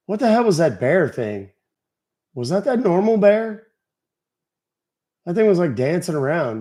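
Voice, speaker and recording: A man's voice: a little high, dark tone. A man hosting a live stream, chatting casually and profanely with his audience and joking around. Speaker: livestream host.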